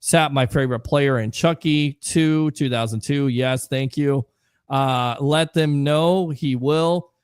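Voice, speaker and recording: A man's voice: medium pitch, slow pace, darkish tone, smooth, no room sound. Chatty male sports talk host. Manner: chatty, reads viewer comments, fillers. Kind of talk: casual live call-in sports talk.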